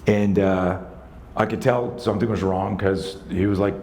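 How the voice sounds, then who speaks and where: A man in his sixties, a self-defense instructor telling a story in a live talk, animated, conversational and profane. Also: low-pitched, moderate pace, slight background noise. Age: 60s.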